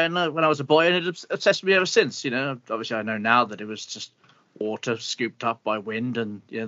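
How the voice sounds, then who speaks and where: A man's voice: mid-range voice, pushed and bright, dry recording, highs cut off, natural voice. A man playing a pompous, bitter older meteorologist with an upper-class English accent, blustering and grumbling in an improvised comedy interview. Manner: blustering, grumbling, swears mildly.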